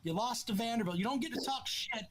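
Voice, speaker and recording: A man's voice: extremely high pitch, fast talker, fairly bright tone, slight background noise. A man hosting a sports podcast, taunting an angry caller by repeating the same jab and adding a mock-polite "sir". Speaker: podcast host. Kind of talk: heated sports call-in argument.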